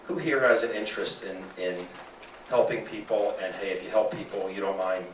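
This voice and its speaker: A man giving an animated sales presentation to a live audience, asking the room questions. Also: on the low side, moderate pace, a little hiss or hum. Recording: echoey room from a distance.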